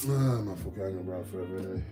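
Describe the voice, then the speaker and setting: Brief: low-voiced streamer, slangy, swears, loose chat over background music. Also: male voice, very fast. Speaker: livestream host. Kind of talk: casual livestream chat. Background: music playing.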